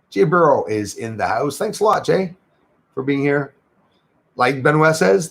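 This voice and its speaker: A man's voice: fairly high pitch, lively intonation, takes it slowly, vocal fry, long pauses. A man hosting a casual livestream from home, chatting loosely, reading out viewer comments and greeting viewers, sometimes in French. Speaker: livestream host. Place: home in Canada near the Michigan border.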